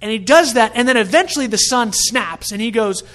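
A man's voice: very high voice, expressive, a little fast, hardly any pauses, fairly bright tone. A middle-aged man preaching a sermon in a conversational, storytelling way. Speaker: pastor.

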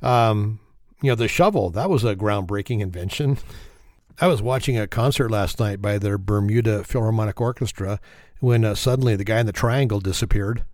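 A man with a fairly low voice reels off dad jokes one after another. He mocks himself and laughs at his own puns. The sound is close and dry, with no room echo. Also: normal speed, darkish tone. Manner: self-mocking, chuckles at his own jokes. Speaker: joke teller. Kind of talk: telling dad jokes to camera.

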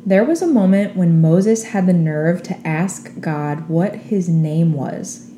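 A woman's voice: lowish voice, warm tone. A woman hosting a podcast, talking earnestly and encouragingly in a prepared monologue. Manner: earnest, encouraging, faith-minded. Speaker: podcast host. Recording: roomy echo with faint background noise.

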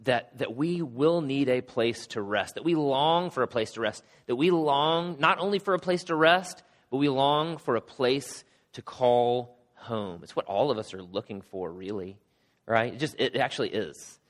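A middle-aged male pastor with a cold and a hoarse voice, preaching a sermon with casual joking asides. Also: mid-range voice, moderate pace. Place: church sanctuary. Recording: long hall reverb.

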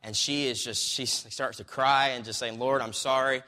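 A man's voice: mid-range voice, fairly even intonation, moderate pace, sharp tone. A man retelling a story in a sermon, reading bits from a book, in a loose conversational way with many fillers and restarts. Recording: long reverb of a hall.

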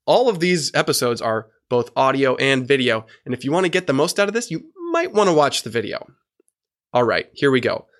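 Man, podcast host, instructional talk, mid-pitched voice, deliberately varies volume and pace. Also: a bit bright. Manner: demonstrative, shifts volume and speed on purpose.

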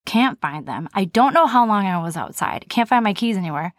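A woman's voice: mid-range voice, lively intonation, brisk, no echo, clean studio sound. A woman hosting a podcast, telling a personal story in a candid, conversational, self-deprecating way. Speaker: podcast host.

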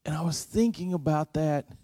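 Mellow-voiced male preacher, dry sound. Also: on the high side, moderate pace, no echo. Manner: earnest, shifts from loud emphasis to hushed intimate passages. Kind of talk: storytelling sermon.

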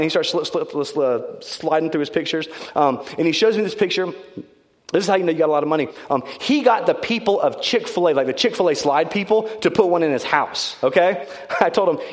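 A male pastor preaching in a casual, storytelling way, animated and self-deprecating. His voice sits a little higher than most men's. It carries a long reverb from a church hall. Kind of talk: sermon storytelling.

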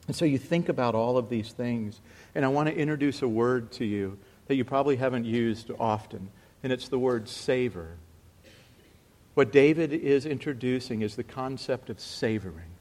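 A man preaching a sermon as a pastor, swinging between loud exclamation and hushed reflection. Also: medium pitch, moderate pace.

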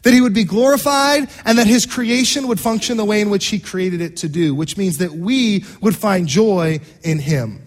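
A man preaching a sermon as pastor, asking the congregation questions and swinging between loud exclamations and hushed lines. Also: high voice, normal speed, few pauses.

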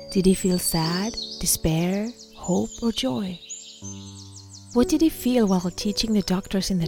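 A woman guides a meditation in a soft, reflective voice and sometimes drops into a whisper. She speaks slowly and her tone is mellow and warm. Gentle music sits faintly behind her. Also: medium pitch.

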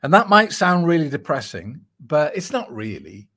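A man's voice: a little high, very animated, normal speed, sharp tone. A middle-aged man coaching on quitting drinking, giving earnest, emphatic advice in reply to a listener's email. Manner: earnest, emphatic, conversational with repetitions.

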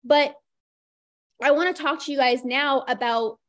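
Chatty high-voiced woman podcast host. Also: a little slow. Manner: chatty, lots of "like", acts out inner voices. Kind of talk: casual solo podcast monologue.

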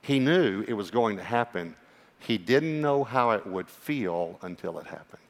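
A man preaching a sermon as a pastor, earnest and personal, sometimes dropping to a hushed voice for emphasis. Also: lowish voice, animated, unhurried. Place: church. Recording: long hall reverb.

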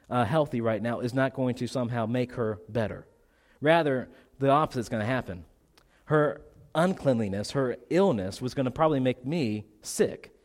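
Male pastor, sermon, earnest, repeats phrases, rhetorical questions, a bit congested. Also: mid-range voice. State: slightly congested.

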